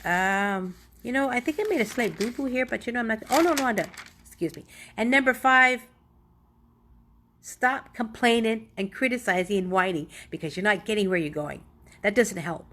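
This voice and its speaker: Middle-aged woman, a touch high-pitched, earnest and rambling, giving an off-the-cuff motivational talk. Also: moderate pace, a bit bright, a little hiss or hum. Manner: earnest, rambling, self-correcting. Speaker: motivational vlogger.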